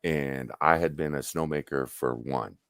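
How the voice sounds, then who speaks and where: A man's voice: very deep voice, unhurried, no room sound. A man telling stories casually as a guest, swearing freely and acting out what people said. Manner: animated, profane, acts out quoted dialogue. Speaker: guest on a stream. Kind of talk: casual storytelling.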